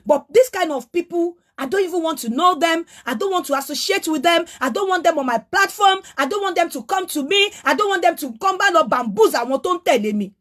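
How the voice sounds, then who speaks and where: Nigerian woman host, very high voice, preachy rhetorical monologue mixing Yoruba and English. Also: animated, fast, hardly any pauses, fairly bright tone. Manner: lecturing, repeated rhetorical questions; switches between Yoruba and English. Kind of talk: opinionated monologue.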